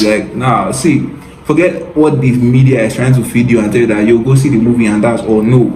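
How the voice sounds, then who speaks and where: A man's voice: mid-range voice, lively intonation, fairly quick, a little mellow, reverberant, a little hiss or hum, rough recording. A man hosting a casual reaction commentary, mocking and exasperated, laughing often and calling the listener bro. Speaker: commentary video host.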